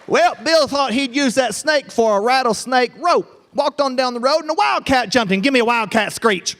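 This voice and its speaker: High-voiced folksy storyteller man. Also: lively intonation, normal speed, fairly bright tone, slight background noise. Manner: folksy tall-tale drawl with audience call-outs. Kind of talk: live storytelling to a family audience. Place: festival tent.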